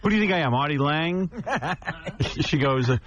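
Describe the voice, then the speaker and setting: A man's voice: a little high, normal speed. A man in his fifties hosting a radio show, telling stories and acting out other people's lines. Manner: animated storytelling, acts out other people's lines. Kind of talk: talk radio chat. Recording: dull lo-fi radio broadcast.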